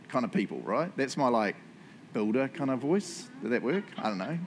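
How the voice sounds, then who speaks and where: A man giving a relaxed, joking sermon, often checking in with the congregation. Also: medium pitch, brisk, slight background noise. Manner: chatty, joking, keeps asking "right?". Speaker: pastor. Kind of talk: casual sermon. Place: church service.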